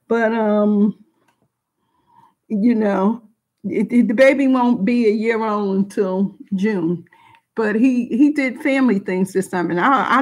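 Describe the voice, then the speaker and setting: A woman's voice: mid-range voice, a little mellow. A middle-aged woman telling a personal story to a group, frank and emotional, rambling with many restarts and asides.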